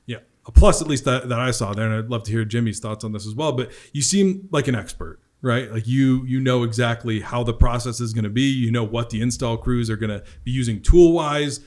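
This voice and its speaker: Male podcast host, mid pitch, conversational sales coach. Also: fairly quick, hardly any pauses, darkish tone. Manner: conversational, restates points for the audience. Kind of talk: coaching review of a recorded sales call.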